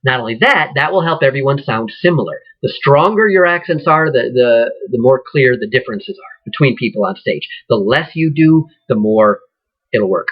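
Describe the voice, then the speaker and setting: A man teaching acting, speaking in a conversational, rambling way with many ums and restarts, his voice husky. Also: medium pitch, expressive, normal speed, muffled recording. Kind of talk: informal lecture.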